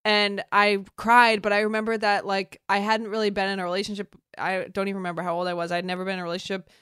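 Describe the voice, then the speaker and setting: A woman's voice: mid-range voice, little pitch movement, fast talker, a bit bright, smooth, no echo, studio quality. A woman co-hosting a casual film chat, earnest and reflective. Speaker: podcast co-host. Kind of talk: casual chat about films.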